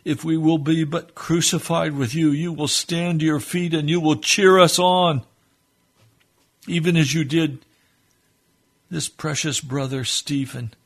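Radio preacher, male, husky and gravelly, fervent pleading prayer delivery. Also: on the high side, fairly even intonation, unhurried. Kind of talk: sermon prayer.

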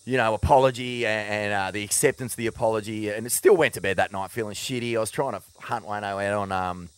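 A man's voice: on the low side, quick pace, clear, resonant tone, no room sound. A young Australian man co-hosting a casual chat, swearing freely and laughing at himself. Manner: sweary, self-mocking, laughing. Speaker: co-host.

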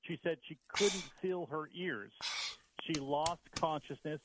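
A man's voice: fairly high pitch, slow pace, background noise. Earnest man, a guest author on talk radio. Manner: earnest, reciting data. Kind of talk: phone-in interview.

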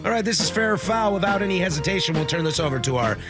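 A man co-hosting a sports radio show who sounds upbeat and excitable. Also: sits high, rapid-fire, over music. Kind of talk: casual sports talk.

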